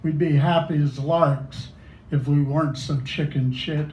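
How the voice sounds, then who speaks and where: A man reading his poetry at a cafe open mic, deliberate and wry. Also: fairly high pitch, steady tone, darkish tone, highs cut off. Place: small cafe. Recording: echoey cafe room.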